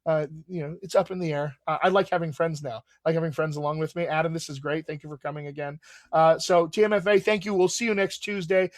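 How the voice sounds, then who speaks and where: A man's voice: fairly high pitch, steady tone, fast talker, dry recording, studio quality. A man hosting a live video Q&A as a dialect coach, chatting in an upbeat way with frequent fillers. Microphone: video call.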